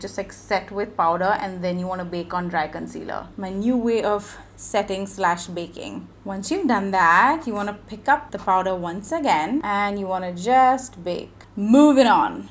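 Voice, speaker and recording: A woman's voice: mid-range voice, slight background noise. A young woman chatting candidly and sassily while doing her makeup. She vents about motherhood between product steps. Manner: candid, sassy, venting, mixes in Hindi words. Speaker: beauty vlogger. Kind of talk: casual chatty makeup tutorial.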